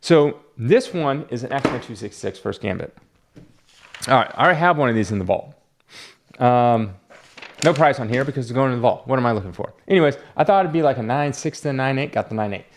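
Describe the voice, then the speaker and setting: A man's voice: medium pitch, expressive, a little fast, slight background noise. A man running a comic book shop, chatting casually and rambling as he talks himself through each graded book. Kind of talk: casual unboxing chat.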